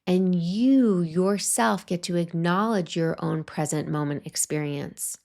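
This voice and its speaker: A woman hosting a solo podcast, talking through a reflective monologue in a slow, soothing, gently guiding way. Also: lowish voice, creaky. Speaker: podcast host.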